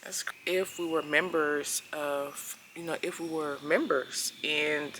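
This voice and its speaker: A woman's voice: deep voice, steady tone, unhurried, a bit bright, a little hiss or hum, low-quality recording. A woman telling a personal story casually to camera, earnest and emphatic, acting out the lines she quotes. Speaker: family vlogger.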